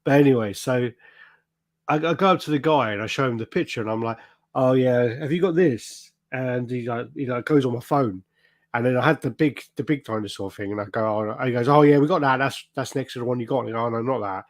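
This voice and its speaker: A man hosting a casual podcast, telling a story in an animated way and acting out the people in it, with a lot of swearing. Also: mid-range voice, brisk, dry recording, studio quality. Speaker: podcast host. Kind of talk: casual chat.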